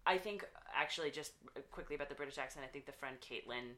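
A woman's voice: low-pitched, quick pace, pushed and bright. A young woman guesting on a podcast, talking in long rambling runs full of fillers. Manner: rambling, filler-heavy, laughs often. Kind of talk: casual podcast chat.

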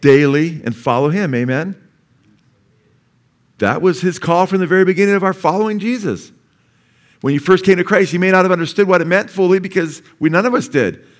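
A male pastor preaching a sermon in church, asking his congregation questions for them to answer and slowly sounding out words as he teaches. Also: sits high. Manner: asks the congregation call-and-response questions. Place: church before a live congregation.

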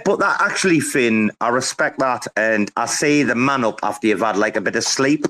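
A man's voice: medium pitch, fairly quick, hardly any pauses, pushed and bright. A man hosting a casual live audio chat, boisterous, laughing often and swearing freely. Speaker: host.

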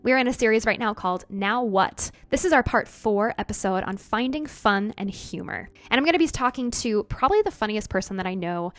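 A woman's voice: medium pitch, lively intonation, brisk, few pauses, a bit bright. A woman hosting a faith-based podcast, chatty and upbeat, laughing easily with her guest. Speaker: podcast host. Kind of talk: casual conversational podcast.

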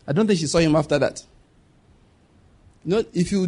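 A pastor preaches with a voice that sits somewhat high for a man. He reads scripture slowly and deliberately, then hammers home key phrases by repeating them. His delivery is emphatic throughout. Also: a little mellow, slightly rough. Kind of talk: sermon.

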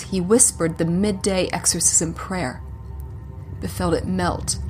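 Woman telling a folk horror tale. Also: mid-range voice. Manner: dramatic, slipping into hushed whispers. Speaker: storyteller. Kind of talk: scripted horror narration. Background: music.

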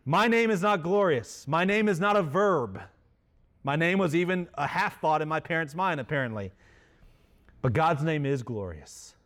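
Conversational pastor with a higher-pitched voice. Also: male voice, moderate pace, fairly bright tone. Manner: conversational, self-deprecating humor. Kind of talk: sermon.

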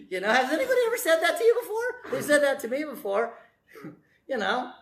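Male preacher, high-pitched, animated sermon delivery with repeated emphatic phrases. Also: quick pace, roomy sound.

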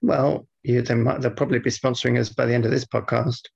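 Gravelly deadpan male podcast co-host. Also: medium pitch, quick pace, muffled recording. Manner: dry, deadpan and grumbling. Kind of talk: casual podcast banter.

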